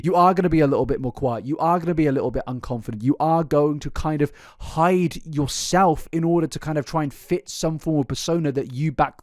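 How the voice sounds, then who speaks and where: A man hosting a YouTube commentary video, talking in an animated, casual way and stumbling over names now and then. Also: fairly high pitch, no room sound, studio quality.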